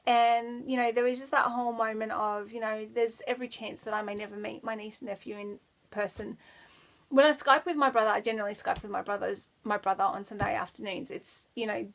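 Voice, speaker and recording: A woman's voice: fairly high pitch, fairly quick, fairly bright tone. An Australian woman chatting casually to camera as a knitting podcaster, rambling and giggling as she goes. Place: child's bedroom at home.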